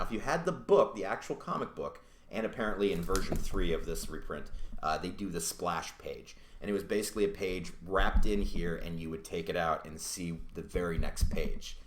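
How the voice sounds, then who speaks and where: A man's voice: low-pitched, lively intonation, moderate pace, slight background noise. Casual, swearing man in a roomy room. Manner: loose and profane, swears often, rambling with restarts. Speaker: comic book reviewer. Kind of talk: casual video review. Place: indoors at home. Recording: roomy echo.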